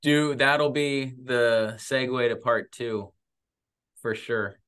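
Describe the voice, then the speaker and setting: A man's voice: mid-range voice, slow pace, a bit bright, clean tone. A man hosting a podcast interview, giving brief, affirming interjections. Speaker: host.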